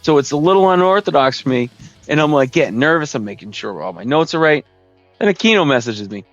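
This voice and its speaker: This podcast host talks fast with lively intonation in a fairly high voice, ranting with profanity from his basement gaming room and doing put-on voices of his friends in a casual, rambling comedic style. There's no room sound, the audio is lo-fi, and soft music plays in the background.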